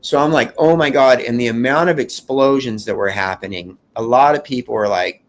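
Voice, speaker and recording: A man giving an emotional first-person account of surviving a fire, in an earnest, halting way with many restarts. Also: mid-range voice.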